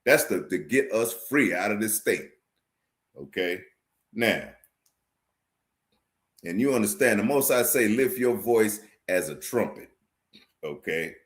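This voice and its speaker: A man preaching to his online viewers, forcefully repeating phrases, quoting scripture and checking "you understand?". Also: lowish voice. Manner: addresses viewers directly, asks "you understand?". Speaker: street preacher teaching a class. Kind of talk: livestream sermon.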